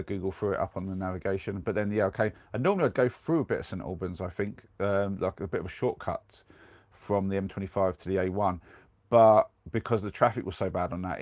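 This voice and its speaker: A man's voice: low-pitched, a little mellow, no room sound. A young man with a cold, chatting casually on a live stream from inside his camper van, rambling along and reading out viewer comments. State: has a cold.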